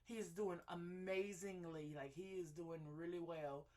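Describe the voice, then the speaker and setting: A woman, talking casually to her viewers in a halting, rambling way, full of fillers and self-corrections, candid and heartfelt. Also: fairly low pitch, steady tone, darkish tone. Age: late 20s. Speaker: vlogger. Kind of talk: casual personal update to viewers.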